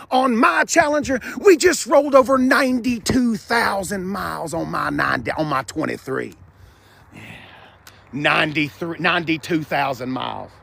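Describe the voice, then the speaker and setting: A man vlogging on a car dealership lot, chatty and animated, talking to the cars and his viewers. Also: high-pitched, gravelly, husky. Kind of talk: live-streamed dealership walkaround.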